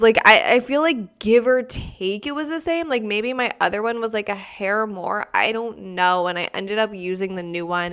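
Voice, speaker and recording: A woman's voice: fairly high pitch, fairly bright tone. A young woman hosting a solo podcast, rambling casually with lots of "like" and dramatizing everyday mishaps. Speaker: podcast host.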